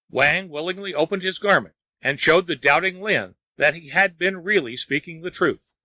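A man narrates a folk tale in a measured storytelling manner. His voice is bright and a little high. The recording is dry and close, with no room sound. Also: dry recording, rough recording. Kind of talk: reading a folk tale aloud.

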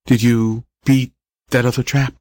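A man voicing a frail, dying young boy who speaks weakly in slow whispers, brave and a little self-important. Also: medium pitch, flat delivery, darkish tone, dry recording, clean studio sound, lightly acted. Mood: faint, wistful.

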